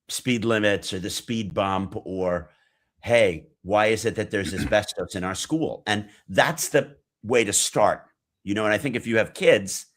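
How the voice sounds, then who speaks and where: A man's voice: fairly low pitch, fairly bright tone. An American man, a guest on a podcast, explaining things in an earnest, lecturing way. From United States. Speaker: podcast guest, geopolitics analyst. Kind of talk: casual conversational interview.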